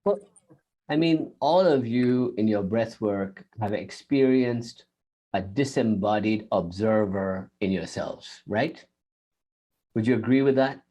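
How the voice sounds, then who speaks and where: A man answering questions in a spiritual interview on a video call, animated and laughing often, acting out inner voices. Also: on the low side, slow, muffled recording. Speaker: guest teacher.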